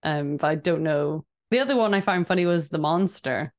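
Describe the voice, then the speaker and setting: A young woman with a deep voice co-hosts a casual movie podcast at normal speed. She's easygoing, laughs often, and gives short agreeing replies.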